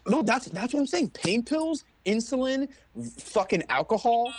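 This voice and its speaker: A man's voice: very high voice, normal speed, a crowd in the background. A young man co-hosting a casual chat podcast, telling stories with lots of swearing and acted-out quotes. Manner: animated storytelling, heavy swearing, acts out quotes. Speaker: podcast co-host.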